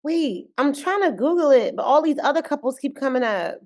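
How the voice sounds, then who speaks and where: A woman's voice: high voice, expressive, fairly quick, a little mellow. A woman co-hosting a podcast, chatting casually and playfully about a reality show, often laughing. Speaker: podcast co-host. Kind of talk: casual reality-TV recap chat.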